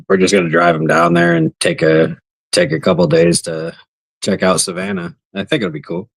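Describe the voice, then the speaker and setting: Gravelly deep-voiced man in casual chat. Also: expressive, moderate pace, no room sound. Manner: chatty, laughs easily. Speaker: podcast co-host.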